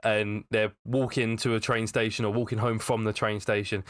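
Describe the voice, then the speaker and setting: A man's voice: lowish voice, little pitch movement, normal speed, fairly bright tone. A man telling a crude story in a casual podcast chat. He rambles with many fillers and laughs mid-story. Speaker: podcast co-host.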